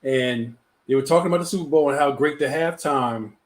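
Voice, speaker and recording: A man's voice: mid-range voice, a little fast. A man hosting a live talk show, chatting casually and often repeating words as he gets a thought going. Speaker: host.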